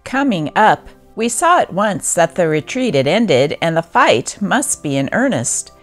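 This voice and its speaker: A woman narrates an old first-person newspaper account in a lower voice that rises and falls with lively swings. She reads it through at a steady pace as scripted narration. Faint music plays underneath. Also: a little slow. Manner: steady read-aloud of a first-person war memoir.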